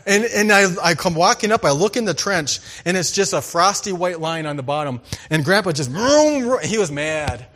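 A man preaching a sermon, reading scripture and telling farm stories, swinging between loud emphasis and hushed asides. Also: on the high side. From farming background. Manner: storytelling, animated, shifts between loud and hushed. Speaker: pastor.

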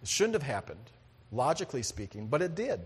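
A man preaching a sermon in an earnest, conversational way, with sudden loud bursts of emphasis. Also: mid-range voice, sing-song, a little fast, breathy edge, long reverb tail. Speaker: pastor.

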